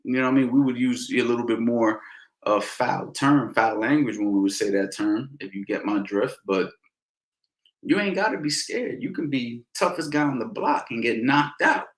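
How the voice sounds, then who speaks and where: A middle-aged man, a boxing coach, telling stories in a casual Q&A, animated and slangy, repeating phrases for emphasis. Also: medium pitch, normal speed. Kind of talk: casual Q&A storytelling. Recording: roomy echo.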